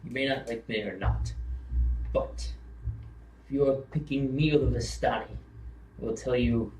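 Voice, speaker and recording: A man's voice: medium pitch, moderate pace, a little mellow, close to an everyday voice. A man playing a smug little adventurer. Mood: boastful. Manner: boastful, condescending. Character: small, smug adventurer speaking telepathically. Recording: echoey room.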